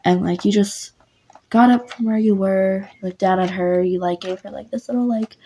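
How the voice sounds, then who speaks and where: A woman's voice: mid-range voice, mellow, a little hiss or hum. A woman narrating a story in a casual, rambling way, full of fillers. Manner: rambling, lots of "like". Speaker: voice actor narrating.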